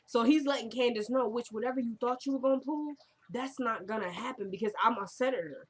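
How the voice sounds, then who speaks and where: A woman's voice: fairly quick, slightly rough. A woman giving a casual, rambling recap of a TV drama episode, full of fillers and self-corrections. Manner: drops into quieter, lower tones when quoting characters.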